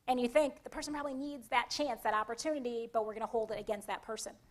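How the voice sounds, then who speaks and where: A woman with a Connecticut accent, her voice a little high and fast, leads a conference workshop. Her style is lively and conversational, and she frequently asks the audience questions.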